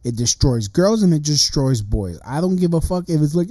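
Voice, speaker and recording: A man's voice: fairly high pitch, animated, moderate pace, dark tone, slightly rough, no room sound. A man in his thirties ranting on a livestream, profane and agitated, often restarting his sentences. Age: 30s. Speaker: livestream host.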